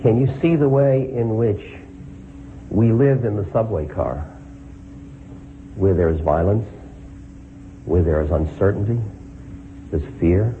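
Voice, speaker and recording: A man's voice: fairly low pitch, measured pace, long pauses. Man, spiritual teacher, reflective and questioning, thin lo-fi line with faint hiss. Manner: reflective, asks questions to the listeners. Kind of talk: story reading then reflective talk. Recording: phone-like line with faint noise.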